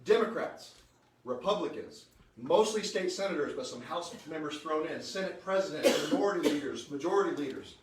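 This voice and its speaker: A man's voice: a little high, expressive, a little fast, distant mic, a little hiss or hum. Fired-up man speaking in an echoey room. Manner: fired-up, joking, quizzes the crowd with questions. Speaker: state senator. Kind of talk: informal political speech to a live audience.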